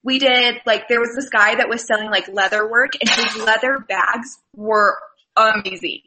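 A woman's voice: a little high, normal speed, noisy background. A woman co-hosting a casual podcast, rambling cheerfully through a story. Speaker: podcast co-host. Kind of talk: casual chat.

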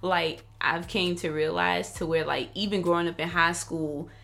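A woman's voice: fairly low pitch, steady tone, moderate pace, creaky, fairly bright tone, soft background music. A young woman co-hosting a podcast in casual chat, eager and coaxing, then reflective. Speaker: podcast co-host.

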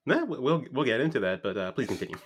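A young man from Canada co-hosts a podcast with an average-pitched voice. He jokes dryly and stumbles through restarts in relaxed conversation. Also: breathy edge. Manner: wry, joking, halting restarts. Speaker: podcast co-host. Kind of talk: casual chat.

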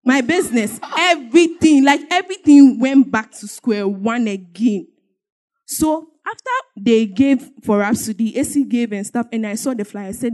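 A woman stands up to give a church testimony. She presses her points by repeating them and breaks into laughter as she talks. Her voice sits a little higher than most. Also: normal speed, dark tone. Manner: emphatic, repetitive storytelling with bursts of laughter. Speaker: church member giving a testimony.

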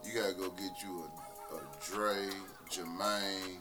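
A man's voice: sits low, measured pace, over music. A man from Memphis telling loose, profane stories in a casual podcast chat. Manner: animated, loose, profane storytelling.

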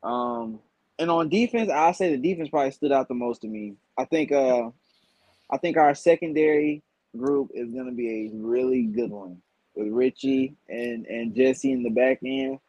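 Casting note: male guest analyst, mid-pitched, calm and deliberate, recorded close and dry. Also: no echo, dull audio. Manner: measured, thoughtful breakdown with "um" pauses. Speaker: guest podcaster. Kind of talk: casual football analysis.

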